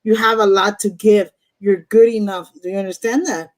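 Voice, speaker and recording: A woman's voice: mid-range voice, steady tone, moderate pace, poor audio. Blunt, profane woman reading tarot. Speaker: host, tarot reader. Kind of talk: live-stream tarot reading.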